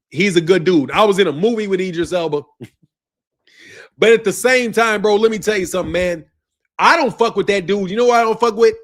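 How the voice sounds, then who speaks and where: A man from the United States ranting without a script as a boxing channel commentator, loud and profane, laughing between lines. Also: sits high. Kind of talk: unscripted profane rant.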